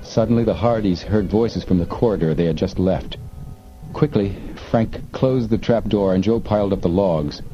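A man reading an adventure novel aloud in measured, suspenseful narration. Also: on the low side, over music. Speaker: audiobook narrator. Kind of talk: scripted narration. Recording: muffled lo-fi with faint hiss.

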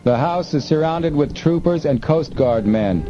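A man's voice: fairly high pitch, lively intonation, a little slow, over music, pitched above the performer's own voice. A man doing a commanding police officer. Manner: raised, commanding calls. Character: stern male police officer calling out. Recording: dull recording, faint hiss.

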